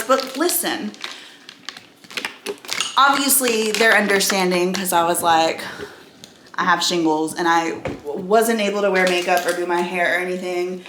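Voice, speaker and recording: A woman's voice: lowish voice, a little slow, pauses often, background noise. A woman chatting casually in a home vlog, rambling and out of breath. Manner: rambling, chatty, self-interrupting. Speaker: vlogger. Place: home room. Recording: echoey room.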